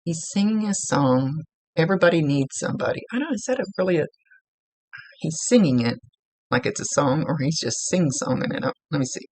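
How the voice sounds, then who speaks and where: A woman's voice: sits low, lively intonation, moderate pace, a little mellow, husky, dry recording. A woman working as a psychic medium, chattily relaying spirit messages in a casual reading and laughing now and then.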